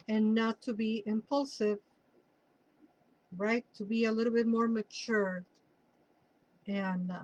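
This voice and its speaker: Spanish-accented lady reading tarot cards, rambly and chatty, kinda high voice. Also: rough recording. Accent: Mexican Spanish. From Mexico City. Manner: chatty, rambling, drifts into personal asides. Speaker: tarot reader. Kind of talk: casual tarot reading for viewers.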